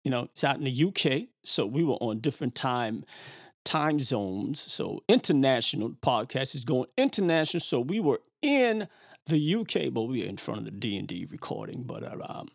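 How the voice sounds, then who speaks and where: A man hosting a podcast, chatting casually in an animated, rambling way with lots of fillers. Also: mid-range voice, moderate pace, creaky, breathy edge, no echo, clean studio sound. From Brooklyn. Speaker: podcast host. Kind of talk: casual chat.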